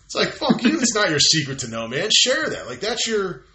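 A man talks in a loose, casual conversation, swearing freely and slipping into voices for the people he quotes. His tone is bright and his pitch swings widely. The room around him rings with echo. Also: brisk. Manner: animated, profane, acts out quoted voices.

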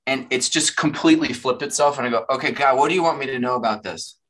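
A man with a bright, forward voice speaks as a podcast guest. He talks with earnest, animated conviction in a relaxed, candid conversation. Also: mid-range voice, fast talker. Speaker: guest musician.

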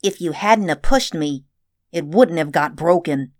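A woman's voice: low-pitched, unhurried. A woman voicing a mocking older brother who teases and dares the other boy, in a storybook reading. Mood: taunting. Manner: mocking, cocky.

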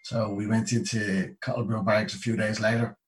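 An Irish man in his fifties, a guest telling a lively story in a casual way and acting out the people he quotes. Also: lowish voice, a little fast, distant mic, slight background noise, poor audio. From Ireland. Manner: lively anecdote-telling, acts out the people he quotes, many "you know"s.

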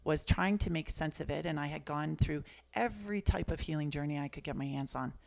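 A woman's voice: deep voice, fairly quick, vocal fry. A woman in her fifties from Canada, an author and guest who shares personal stories in an earnest, reflective way. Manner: earnest, reflective, soft-spoken. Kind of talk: personal storytelling in conversation.

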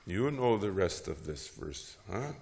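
A man teaching about preaching, who tells Bible stories in a lively way with frequent "huh?" asides and chuckles. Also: sits low, measured pace, big-room sound.

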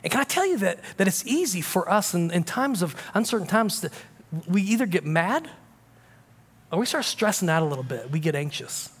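High-voiced man preaching in a reverberant hall. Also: sing-song, a little fast, slightly rough. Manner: emphatic preaching, shifting to casual, confiding talk. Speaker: pastor. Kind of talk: sermon.

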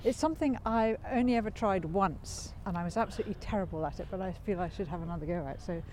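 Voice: medium pitch, fast, a little mellow, slight background noise. An interview host asking questions in a friendly, encouraging way, often laughing along. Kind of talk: casual conversational interview.

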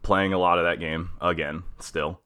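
A man's voice: deep voice, fairly even intonation, normal speed, sharp tone. A young man hosting a podcast, chatting in a laid-back way, laughing easily and swearing casually. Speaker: podcast host.

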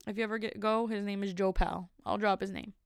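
Smooth-voiced woman telling a rambling story. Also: mid-range voice, fairly even intonation, fairly quick, dry recording, clean studio sound. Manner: rambling, sassy, self-mocking asides. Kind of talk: comic storytelling monologue.

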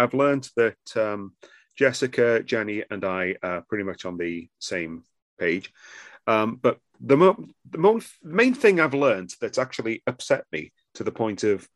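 A man's voice: medium pitch, big pitch swings, measured pace, no echo. A British man co-hosting a review podcast, grumbling with wry humor. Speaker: podcast co-host. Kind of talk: casual review chat.

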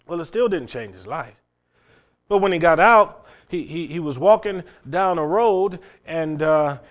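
A middle-aged man preaching a sermon, telling a long moral story with frequent stammered restarts. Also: on the high side.

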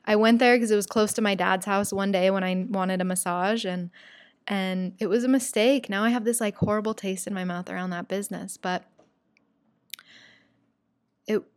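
A young woman hosting a talk show, chatty and animated, retelling a story with quoted voices in casual storytelling. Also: medium pitch, normal speed, no echo.

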